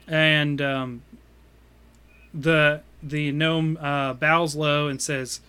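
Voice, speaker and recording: A man narrating as game master for a tabletop game, relaxed, with many fillers. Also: on the high side, extremely slow, smooth.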